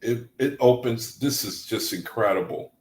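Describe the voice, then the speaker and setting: A man reading aloud to a study group and commenting, excitable and gushing with exclamations. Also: medium pitch, normal speed, reverberant, poor audio.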